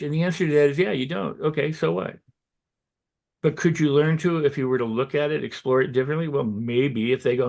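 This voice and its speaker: A man giving motivational self-help advice as a guest, talking loosely and acting out excited self-talk in quick quoted asides. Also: a little high, vocal fry. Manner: loose and conversational, with restarts and "you know". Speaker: guest on a holistic health show.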